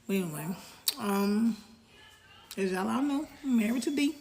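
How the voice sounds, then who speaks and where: A woman's voice: medium pitch, lively intonation, moderate pace, darkish tone, slight background noise. A woman giving a casual, resolute update to her followers. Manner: steadying herself, resolute. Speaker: vlogger.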